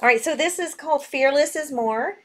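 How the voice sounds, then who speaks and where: A woman hosting a live jewelry sale stream, excitable and reading buyer names aloud as she types. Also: sits high, normal speed.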